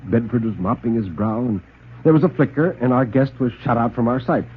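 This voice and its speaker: A man's voice: mid-range voice, brisk, slight background noise. A man narrating a suspense story in a theatrical radio storytelling style, also introducing the next tale as host. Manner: theatrical, expressive. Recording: tinny old radio broadcast.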